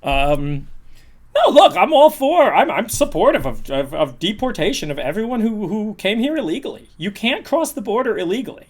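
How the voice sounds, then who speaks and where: A man's voice: high-pitched, sing-song, normal speed. A man, ranting bluntly and profanely during a livestream, often rambling and repeating words. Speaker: streamer.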